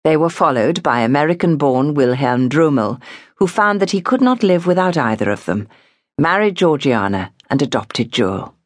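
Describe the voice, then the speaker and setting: A woman narrating an audiobook in a measured, expressive storytelling manner. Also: deep voice, no room sound, studio quality. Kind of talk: scripted narration.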